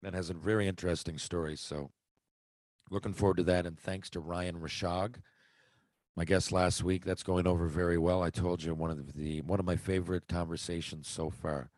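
Man, podcast host, low voice, chatty, meandering, dry. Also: little pitch movement, normal speed, darkish tone, dry recording. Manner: rambling, conversational, self-interrupting. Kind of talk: casual solo podcast monologue.

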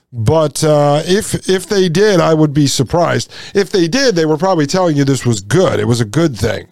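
A man's voice: on the high side, no echo, studio quality. A man hosting a podcast, reading from a history text and breaking in with indignant, sarcastic asides. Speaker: podcast host.

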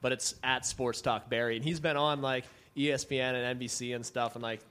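A man's voice: mid-range voice, steady tone, fairly quick, fairly bright tone, clear, resonant tone. A young man co-hosting a podcast, rambling and hedging in a casual, slangy way. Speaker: podcast co-host. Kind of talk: casual chat.

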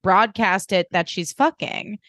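Podcast co-host: a woman with a mid-pitched, dry, close voice, gossipy, says "like" a lot. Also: unhurried, a bit bright, no echo. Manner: gossipy, sprinkles "like", quotes people in voices. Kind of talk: casual chat recapping a reality show.

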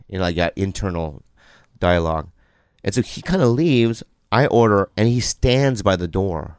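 A man in casual podcast chat, telling a story with lots of energy and acting out other people's voices loudly. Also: on the low side, moderate pace, clean tone, no room sound, studio quality.

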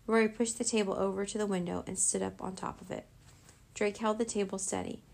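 Woman narrator reading a kids' chapter book, gravelly fry, mid pitch. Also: fairly even intonation, brisk, darkish tone.

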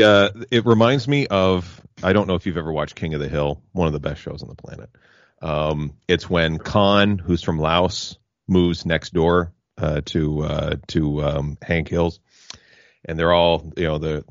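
A man's voice: deep voice, no echo. A man from Canada, a podcast co-host chatting casually in a jokey, self-mocking way. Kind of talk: casual chat. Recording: slightly dull lo-fi, dry.

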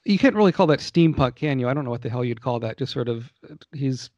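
A man's voice: medium pitch, expressive, quick pace, a little mellow, dry recording, muffled recording. A man co-hosting a casual podcast chat about old games, rambling and joking with many restarts. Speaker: podcast co-host.

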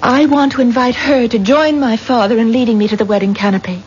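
Woman playing a young bride, earnest, high-pitched, muffled radio recording with faint hiss. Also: fairly even intonation, a little fast, a little mellow, natural voice. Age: young adult. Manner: earnest, emotional. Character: young bride, dreamy and defiant. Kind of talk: radio drama acting. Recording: dull lo-fi radio play with faint noise.

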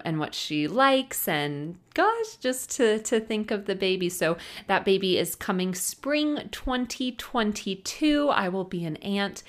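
A woman's voice: fairly low pitch, fairly bright tone. A young woman hosting her own podcast, chatting casually and gushing with emotion, close to tears. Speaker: podcast host. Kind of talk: casual solo podcast chat.

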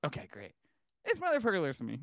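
Talking fast with wildly swooping pitch, the young podcast guest, once a wrestling manager, launches into an animated story packed with swearing and performed quotes. There's no room sound at all, and he varies his pitch hugely to act out each line.

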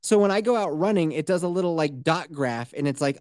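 A man in his thirties co-hosting a casual podcast, animated and swearing, putting on voices when he quotes things. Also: on the high side, fast, hardly any pauses, clear, resonant tone, dry recording, clean studio sound. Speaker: podcast co-host. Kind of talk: casual chat.

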